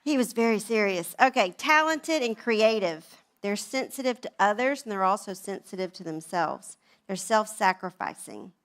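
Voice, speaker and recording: A woman around sixty, giving a chatty, humorous personal talk at a women's event. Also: medium pitch. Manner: animated, chatty storytelling.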